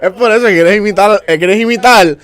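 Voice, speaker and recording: A man's voice: high-pitched, fast, background noise. A man co-hosting a podcast, chatting casually, giving short replies and switching between Spanish and English. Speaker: podcast co-host. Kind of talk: casual chat.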